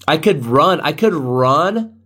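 A man's voice: fairly high pitch, sharp tone. Guy rambling on his solo podcast, laughs a lot, voice bounces all over. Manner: rambling, joking, laughs often. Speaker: podcast host. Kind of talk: casual solo podcast monologue.

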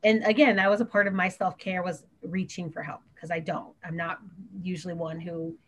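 A woman's voice: fairly low pitch, flat delivery, moderate pace. A woman who works as a teacher, chatting earnestly on a podcast and talking in long run-on stretches. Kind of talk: casual podcast chat.

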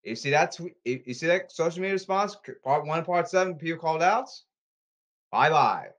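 A man rambling to his audience, reading rules off his phone and repeating himself insistently, with halting restarts. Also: fairly high pitch, muffled recording. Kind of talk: rambling monologue to camera.

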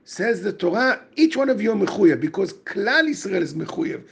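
A man's voice: high voice, big pitch swings, normal speed, gravelly, fairly bright tone, slight background noise. A man giving a talk on the weekly Torah portion, explaining verses and acting out what a person says to himself. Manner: explains verses, mixes Hebrew terms into English, acts out inner voices.

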